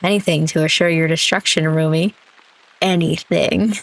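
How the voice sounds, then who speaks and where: A cool young woman rival who taunts with slow, unhurried smugness, voiced by a woman reading a story game. Her voice sits a little low and stays calm while she needles her opponents. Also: vocal fry, rough recording. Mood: taunting. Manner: smug, measured, taunting.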